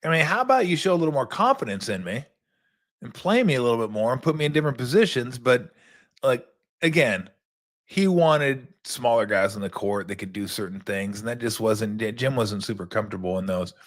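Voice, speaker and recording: Middle-aged male host, former player, casual and animated storyteller who stumbles over his words. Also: medium pitch, fairly quick.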